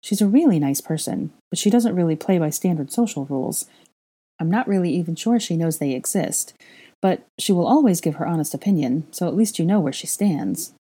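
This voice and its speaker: Earnest weary young witch, explaining tone, husky, mellow, read by a woman. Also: lowish voice, expressive, a little fast.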